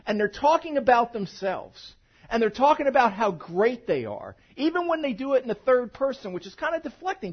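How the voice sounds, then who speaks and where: A man preaches a sermon in a church, chatty and animated, working humor in among the teaching. His husky voice swings widely up and down as he builds to loud points and drops back low. The recording is dull and lo-fi. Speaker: pastor. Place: church sanctuary.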